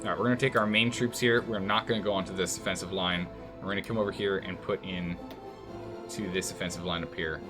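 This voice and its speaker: A man's voice: deep voice, steady tone, fast, over music. A man streaming a strategy game and commenting live, thinking aloud and scolding the game's nations in mock outrage.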